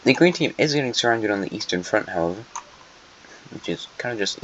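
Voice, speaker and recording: Guy narrating his map game, low-ish voice, joking around at the countries, kinda muffled mic with a bit of hiss. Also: expressive, a little fast. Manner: playful, chatty, teasing the nations on the map. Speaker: channel host. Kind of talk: casual gameplay commentary. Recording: muffled lo-fi home mic with faint noise.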